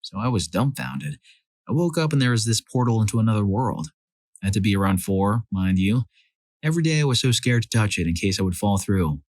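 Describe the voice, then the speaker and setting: Low-voiced man narrating stories. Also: lively intonation, fairly quick, a little mellow, no room sound. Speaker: story narrator. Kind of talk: scripted narration of reader stories.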